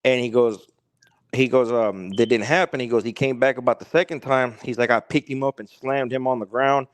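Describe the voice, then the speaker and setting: Male podcast guest, rambling storyteller, mid pitch, dry close sound. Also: fairly even intonation, normal speed, no room sound. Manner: rambling, repeats "he's like" and "he goes". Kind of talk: casual storytelling.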